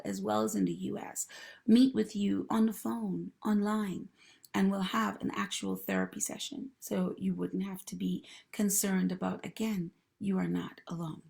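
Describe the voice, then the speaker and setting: Woman host with a gravelly voice. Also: medium pitch, a little mellow. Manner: encouraging, talks directly to viewers and greets commenters. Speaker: host and mental health professional. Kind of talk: live-streamed advice talk.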